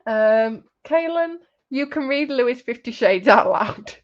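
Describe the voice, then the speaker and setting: Hosting a casual crafting stream, this woman speaks in a slightly high, lively voice without rushing. The stream audio is dull and lo-fi as she chats, reads out viewer comments, pokes fun at her partner and bursts out laughing.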